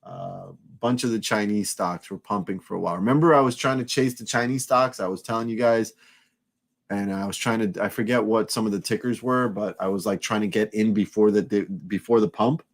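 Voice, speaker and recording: A man with a fairly low voice chats loosely on a live stream. He curses freely and rambles, often breaking off and restarting his sentences. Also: fairly quick. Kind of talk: casual live-stream chat.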